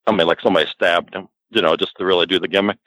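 A man's voice: low voice, fairly even intonation, very fast, a bit bright, no room sound, low-quality recording. A man guest on a podcast, telling rambling anecdotes in a casual way and acting out quotes. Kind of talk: casual storytelling.

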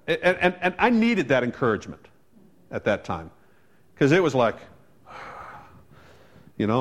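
A man's voice: mid-range voice, very animated, normal speed, pauses often. Man preaching a chatty storytelling sermon. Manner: conversational storytelling, wry asides. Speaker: pastor.

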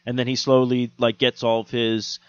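A man co-hosting a podcast, chatting casually about movies, swearing freely and animated, dropping into quick mock voices. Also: medium pitch, clean tone, no echo, dull audio. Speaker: podcast co-host. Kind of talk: casual chat.

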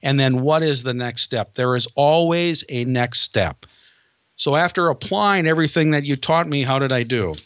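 A man who coaches salespeople retells a familiar film story step by step. He slows down to stress his points. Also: medium pitch, a bit bright, no echo. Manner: dramatic retelling, slows for emphasis. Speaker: sales trainer guest.

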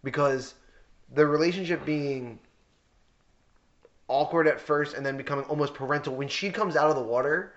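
A man, co-hosting a casual movie podcast in an excitable, animated way, saying "dude" and "like" a lot. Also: fairly high pitch, moderate pace, long pauses, lo-fi sound. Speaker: podcast co-host. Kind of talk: casual chat about a movie.

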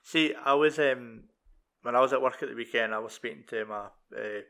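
A man's voice: mid-range voice, a little fast, bright, forceful tone. A man with a Scottish accent, chatting casually about a film as a co-host, swearing often and stumbling over fillers.

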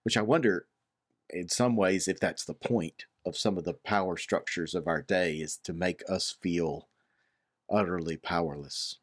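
A man's voice: low-pitched, unhurried, dry recording, clean studio sound. A man in a bible study discussion who speaks thoughtfully and a little hesitantly. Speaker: discussion panelist.

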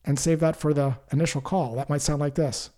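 A man giving a calm sales-coaching talk, acting out short example phone calls. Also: a little high, fairly quick. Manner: calm, coaching, acts out example call lines. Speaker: sales trainer. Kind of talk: instructional talk with sample call scripts.

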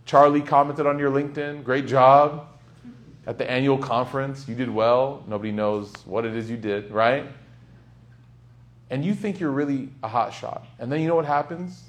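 A young man giving a casual, humorous sermon, telling stories with sudden loud bursts. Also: medium pitch, normal speed. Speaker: Islamic speaker.

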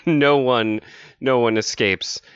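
A man's voice: medium pitch, steady tone, slow pace, clean tone, no room sound, dull audio. A man co-hosting a podcast, reacting with enthusiasm and loose, sweary talk. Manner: enthusiastic, swears and laughs freely. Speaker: podcast co-host. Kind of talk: casual comic-book podcast chat.

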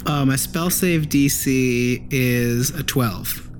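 Man, tabletop player, very slow, hesitant, mid pitch. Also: noisy background. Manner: hesitant, thinking aloud. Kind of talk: tabletop game play.

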